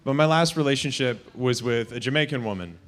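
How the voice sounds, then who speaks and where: A man's voice: mid-range voice, brisk, a bit bright. A young man doing crude, self-mocking stand-up at an open mic, laughing at his own jokes. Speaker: stand-up comic.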